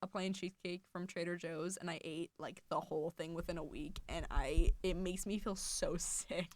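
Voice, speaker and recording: A woman's voice: lowish voice, fairly even intonation, moderate pace. A young woman co-hosting a college radio show, chatting casually and giggling, with lots of "like". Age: young adult. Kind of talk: casual chat. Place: studio.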